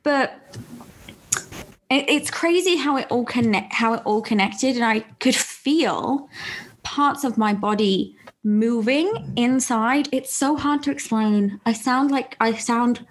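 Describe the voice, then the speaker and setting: A young woman with a fairly high voice hosts a casual podcast conversation. She tells her story in an animated way and laughs often as she talks. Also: slow pace. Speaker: podcast host. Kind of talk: casual interview chat.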